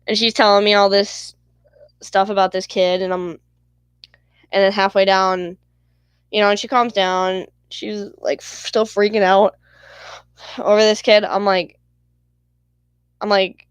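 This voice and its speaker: Woman vlogger, heated storyteller, swears freely, mid pitch, dry sound. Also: level tone, measured pace, pauses often, smooth, no room sound. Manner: rambling, profane, heated retelling. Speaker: channel host. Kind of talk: casual storytelling vlog.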